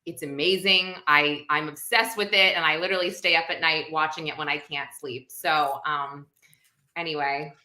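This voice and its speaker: Woman, live-stream host, rambling casual chat, echoey room, bright tone. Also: low-pitched, fairly even intonation, normal speed. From United States. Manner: chatty, rambling, with many fillers.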